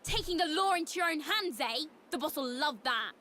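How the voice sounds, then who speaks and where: A woman's voice: sits high, expressive, fairly quick, sharp tone, slight background noise. An actress voicing a commanding young female sky pirate who scolds her crew, in video game dialogue. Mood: scolding. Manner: bossy, scolding.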